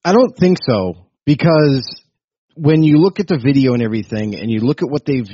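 A man's voice: medium pitch, lively intonation, normal speed, mellow, slightly rough, dry recording, dull audio. A man on a casual panel, steadily explaining his view step by step. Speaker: panel guest.

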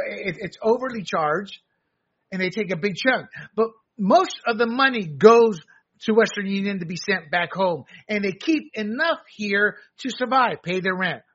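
Man, high voice, husky edge, combative political rant, dull lo-fi sound. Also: bright, forceful tone. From United States. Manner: combative, ranting, emphatic. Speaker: political commentary host. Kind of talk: opinionated political monologue.

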